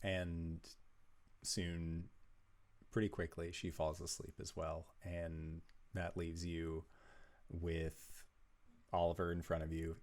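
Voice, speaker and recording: A man running a tabletop game as game master, narrating softly and unhurriedly. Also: low voice, monotone, slow pace, long pauses.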